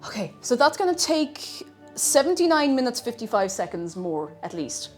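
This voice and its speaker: Irish woman streamer, slightly high, very animated delivery, scatterbrained kitchen chatter over faint music. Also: normal speed. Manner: chatty and scatterbrained, hums little tunes. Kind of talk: casual live-stream chat while cooking.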